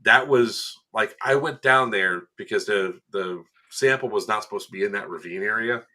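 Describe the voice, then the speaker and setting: Lively man telling airsoft stories. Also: lowish voice, moderate pace. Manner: animated storyteller, acts out quotes with laughs. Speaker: event staff member recounting a game. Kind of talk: casual podcast chat.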